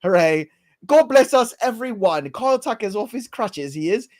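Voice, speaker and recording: A man putting on the voice of a cheery young Dickensian boy with a put-on British accent, sing-song and high. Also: lively intonation, moderate pace.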